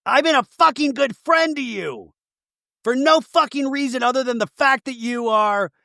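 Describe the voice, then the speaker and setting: Guy putting on a shrill screaming reality tv woman, swearing mad, dry sound. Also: unhurried, vocal fry, no echo, heavily acted. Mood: screaming furious. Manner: yelling, profane, cutting. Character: furious shrieking reality TV woman.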